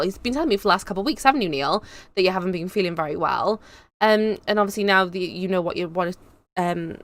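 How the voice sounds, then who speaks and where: A young woman hosting a casual live stream, reading out chat comments and rambling cheerfully with lots of fillers. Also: lowish voice. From England. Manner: chatty, bubbly, rambling with fillers. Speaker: YouTube host.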